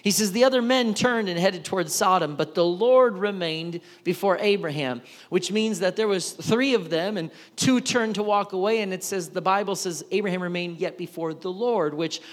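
A man preaching a sermon, telling the story with animated voices for each side of the dialogue. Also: high-pitched. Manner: animated storytelling, acting out both sides of the dialogue. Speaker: pastor. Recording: long hall reverb.

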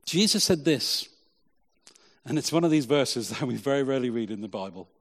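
Male pastor, lively preaching, church hall, long reverb tail. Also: medium pitch, a little fast. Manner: lively preaching, repeated "Lord" in prayer. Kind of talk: sermon.

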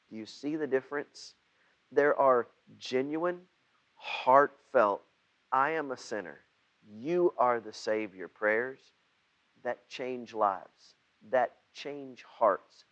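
A man preaching a sermon to his church. He halts and repeats words, then gets loud when he acts out prayers. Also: medium pitch, takes it slowly, dull audio. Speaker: pastor.

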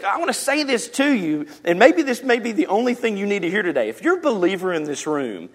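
Impassioned preacher man, high lively voice. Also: a little fast, few pauses. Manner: impassioned, swinging from loud emphasis to hushed. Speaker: pastor. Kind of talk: sermon. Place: church sanctuary.

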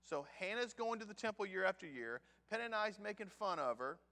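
A man's voice: high-pitched, lively intonation, brisk, pushed and bright. A man preaching a sermon in a conversational, storytelling way, talking straight to the men in the room. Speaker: pastor. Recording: long hall reverb.

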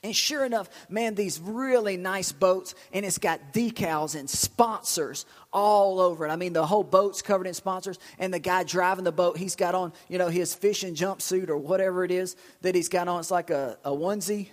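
A middle-aged man preaching a sermon in a church, telling stories with bursts of excitement and repeated words. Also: sits high, moderate pace, few pauses, big-room sound. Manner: lively storytelling with shouts and repetitions. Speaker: pastor.

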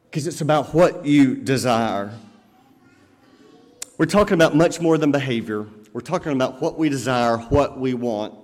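A man's voice: medium pitch, darkish tone. Man preaching in a reverberant church. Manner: conversational preaching with everyday examples. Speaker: pastor. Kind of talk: sermon. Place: church sanctuary. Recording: long reverb of a church hall.

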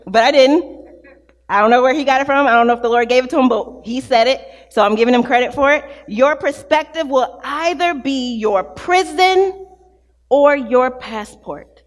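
High-voiced woman pastor preaching. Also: brisk, long reverb tail. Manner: animated, storytelling with acted-out quotes. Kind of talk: sermon.

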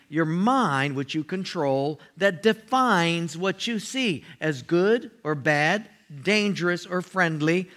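A man's voice: high-pitched, a bit bright. A man preaching a sermon as a guest pastor, folksy and joking.

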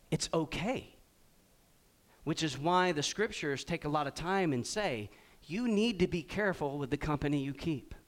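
A middle-aged man preaching a sermon, quizzing his congregation and acting out little scenes with big swings in pitch and volume. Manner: animated, asks the congregation questions. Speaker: pastor.

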